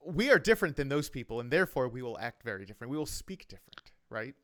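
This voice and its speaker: A man's voice: medium pitch, very animated, fast. A man co-hosting a podcast, chatting casually and laughing often. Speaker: podcast co-host. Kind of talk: casual chat.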